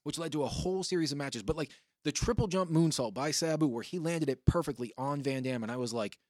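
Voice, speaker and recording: A man hosting a podcast in casual chat, telling rambling, profane stories with bursts of excitement. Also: on the high side, fast, no echo, studio quality. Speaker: podcast host.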